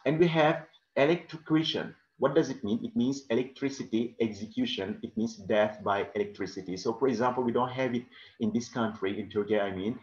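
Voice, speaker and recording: A man's voice: on the low side, darkish tone. Man teaching vocabulary, echoey room. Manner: explains slowly with frequent "okay?" checks. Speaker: English teacher. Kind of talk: classroom vocabulary lesson. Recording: echoey room, dull lo-fi sound.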